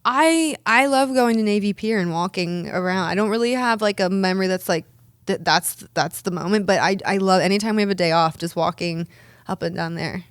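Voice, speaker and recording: A woman's voice: mid-range voice, brisk, clear, resonant tone, no echo. A woman in her thirties, a guest in an interview, telling stories in a chatty, upbeat way with frequent restarts. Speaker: pro wrestler and dentist guest. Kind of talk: casual interview answers.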